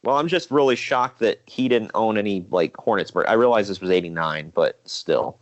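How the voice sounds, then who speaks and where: A man co-hosting a podcast, casually recapping old wrestling shows in a rambling, relaxed way with fillers. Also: lowish voice, moderate pace, highs cut off. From Ohio. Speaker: podcast co-host.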